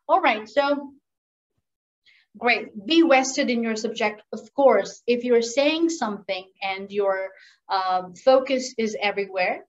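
A woman running an interactive workshop on professional communication, lively and asking the audience questions. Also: fairly high pitch, distant mic, highs cut off. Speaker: communication skills trainer. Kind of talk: interactive online workshop talk.

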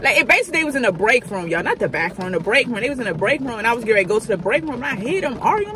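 A woman's voice: a little high, sing-song, rapid-fire, few pauses, background noise. A woman in her thirties telling a candid, profane storytime in casual slang. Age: 30s. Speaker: vlogger. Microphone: phone camera.

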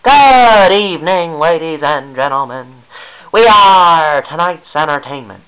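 A man's voice: on the high side, animated, unhurried, fairly bright tone, clean tone, pitched above the performer's own voice, poor audio. A man putting on a menacing, unhinged male clown villain who taunts and keeps repeating his questions. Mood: taunting. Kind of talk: comic impression in a video blog.

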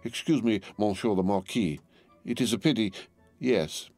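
A man reading an audiobook, voicing a ragged, submissive poor townsman with a flat, tame way of speaking. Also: on the low side, normal speed, no room sound, soft background music.

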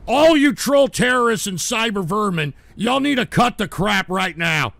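A high-voiced, gravelly man hosting a livestream, recorded dry and close. He rants at his viewers in exasperation and breaks into shouts. His voice sounds bright and edgy. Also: expressive, moderate pace, few pauses, no echo. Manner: exasperated, scolding, bursts into shouting. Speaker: livestream talk show host.

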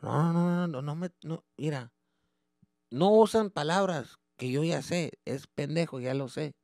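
A man voicing his irritated, tired father, who shouts scoldings in Spanish after work. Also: a little high, normal speed, vocal fry, dry recording, studio quality, voice pushed up. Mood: blunt.

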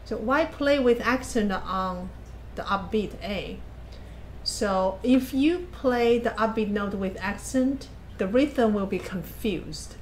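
Speaking slowly at medium pitch, a woman piano teacher gives patient masterclass feedback on a recorded performance, explaining plainly and counting or humming passages. A little hiss or hum is audible, along with background piano playing.

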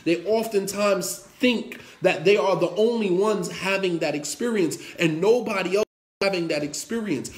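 A man preaching a sermon, emphatic and repetitive, who acts out the quotes in his stories. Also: high voice. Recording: roomy echo.

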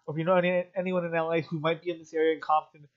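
A man's voice: on the high side, little pitch movement, rapid-fire, muffled recording. A man giving emotional, rambling commentary as a vlogger, stumbling and restarting his sentences. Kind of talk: rambling commentary while reading articles.

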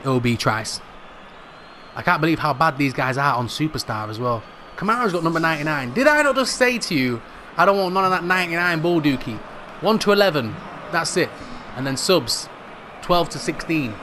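A young man commentating live on his own football video game match, excitable and jokey, swearing mildly and shouting at near misses. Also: a little high, a little fast, a little hiss or hum. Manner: excitable, shouts at big moments; calls players "brothers", mild swearing. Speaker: gaming YouTuber.

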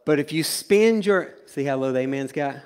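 A male pastor preaching a sermon in a church, moving from loud, stretched-out proclamations to quiet, joking asides with his congregation. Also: on the high side, lively intonation, moderate pace, clean tone. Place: church sanctuary.

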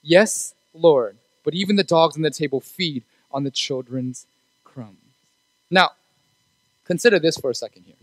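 Male youth pastor, conversational sermon delivery, higher register, dry close sound. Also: normal speed, long pauses, no room sound, poor audio. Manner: conversational, asks the room for agreement. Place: church.

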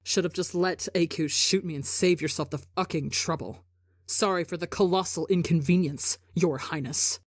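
A man's voice: slow, long pauses, dry recording, studio quality. Woman putting on a hollow, broken young man. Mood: vicious. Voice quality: low, hollow and quiet. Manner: self-loathing, flat murmuring. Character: broken, despairing young male captive.

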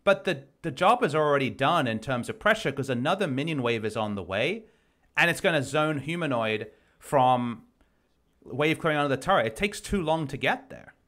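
A man's voice: a little high, expressive, moderate pace, a bit bright. A man breaking down a recorded match as an esports analyst, explaining plays in detail. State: losing his voice. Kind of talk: game review commentary.

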